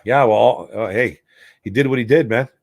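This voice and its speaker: Michigan sports talk host, frustrated rambling delivery, dry close sound. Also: male voice, mid-range voice, moderate pace, gravelly, darkish tone, no echo. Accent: Detroit, Michigan. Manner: frustrated, rambling, calls listeners bro and man. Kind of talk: casual sports talk, reading chat questions.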